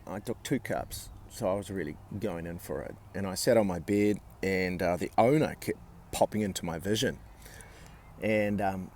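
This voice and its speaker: A man vlogging, telling a personal story in a blunt, sweary way with halting restarts. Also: sits low, a little mellow, slight background noise.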